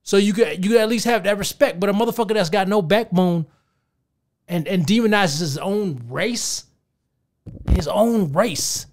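A man in his thirties hosting a podcast, ranting in a casual, profane, animated way and talking straight to his listeners. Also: high-pitched, normal speed. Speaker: podcast host.

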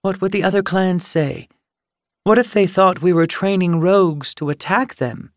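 A man's voice: high-pitched, normal speed, dry recording, clean studio sound, voice pushed up. A man voicing an anxious young she-cat queen in an audiobook, fretting about what others will think. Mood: fretful. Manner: fretful, worried.

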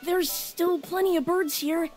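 A woman voicing a timid, squeaky young hermit crab. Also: steady tone, a little slow, music in the background. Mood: hesitant. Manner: hesitant, stammering.

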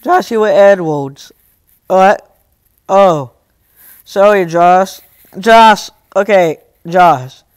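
A man's voice: sits high, drawn-out words, long pauses, clear, resonant tone, dry recording, clean studio sound. A young man live streaming, reading and answering his chat in casual talk, scolding some viewers and joking with others. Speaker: livestreamer.

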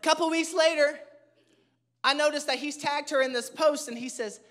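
Animated, joking male pastor. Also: very high voice, normal speed. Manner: animated, joking, self-mocking; emphatic repetition. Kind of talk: humorous storytelling sermon. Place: church stage before a live congregation.

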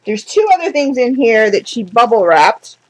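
A woman vlogging an unboxing in a casual, chatty way, gushing with excitement, calling her viewers "guys" and sounding close to tears with gratitude. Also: fairly high pitch, moderate pace, poor audio. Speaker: candle and wax hobby vlogger.

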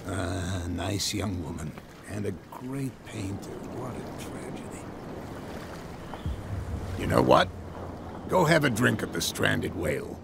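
A gruff, blunt harbour-town man from a video game. His gravelly, low voice swings up and down as he talks. Clear ambient game noise sits behind him. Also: big pitch swings, takes it slowly, pauses often, heavily acted.

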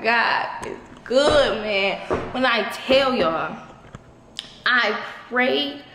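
Young female vlogger, excitable and blunt, loose casual delivery, roomy echo and a faint hiss behind her. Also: a little high, slow pace. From Detroit, USA. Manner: chatty, excitable, talks straight to viewers as y'all, swears freely. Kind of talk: casual apartment tour vlog. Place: new, mostly empty apartment indoors.

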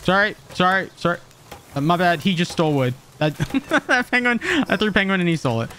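A man streaming a game, reacting with excited, jokey commentary and frequent laughs. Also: high-pitched, a little fast, slight background noise. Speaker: gaming streamer.

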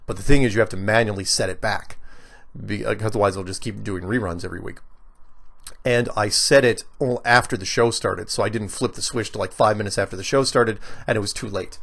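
Middle-aged us guy doing a solo podcast, gravelly low voice, rambly and loose. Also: steady tone, a little fast, fairly bright tone. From United States. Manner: rambling, with many fillers and restarts. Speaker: podcast host reading listener emails. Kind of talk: casual solo Q&A talk.

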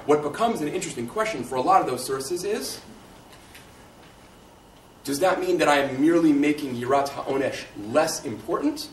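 Conversational male lecturer in an echoey room. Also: mid-range voice. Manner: conversational, thinks aloud with frequent "right?". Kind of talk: lecture answering audience questions. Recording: echoey room, distant mic, faint hiss.

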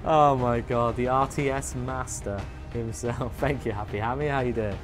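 An English man hosting a gameplay livestream, chatty and excitable, joking with his chat. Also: medium pitch, normal speed, over music. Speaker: livestream host.

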